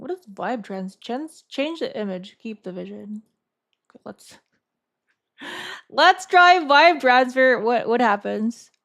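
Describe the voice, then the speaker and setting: During a casual live stream, a woman with a medium-pitched, expressive voice and some vocal fry addresses her chat. Her delivery is halting, full of thinking aloud and repeated words.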